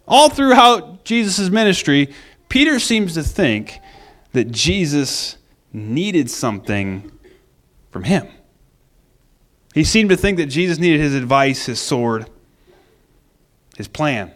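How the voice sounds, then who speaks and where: A man preaching a conversational sermon in an animated way, acting out the quoted lines. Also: on the high side, takes it slowly, long pauses.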